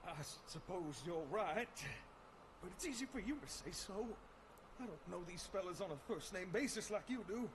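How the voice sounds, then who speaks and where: A man's voice: high-pitched, lively intonation, moderate pace, background noise. A man voicing a jittery, folksy southern man who is scared of bugs, talking in an exclamatory drawl with a Southern US accent. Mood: sheepish.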